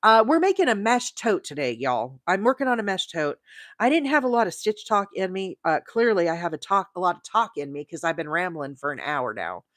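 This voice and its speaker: A woman from Arizona hosting a crochet livestream, rambling chattily and reading out viewer comments, with bursts of high, excited emphasis. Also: a little fast, no room sound, studio quality. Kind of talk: casual live-stream chat.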